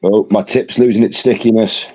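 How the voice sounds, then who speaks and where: Husky British man, wry and rambling. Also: on the low side, fairly even intonation, normal speed, mellow, dull audio. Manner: wry, rambling, talks in restarts. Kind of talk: casual chat.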